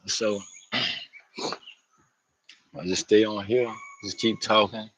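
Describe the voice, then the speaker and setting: A man's voice: on the low side, little pitch movement, takes it slowly, fairly bright tone, slight background noise, rough recording. A man talking to camera outdoors in a loose, rambling monologue, slangy and profane, often laughing. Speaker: vlogger.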